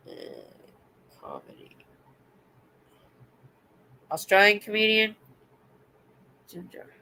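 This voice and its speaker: Lady with a stuffed-up nose, chatty and loud on a late night stream, bright tone. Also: mid-range voice, animated, takes it slowly. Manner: chatty and loud, laughs often. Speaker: livestream host. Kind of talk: late-night casual livestream chat, reading comments. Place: home.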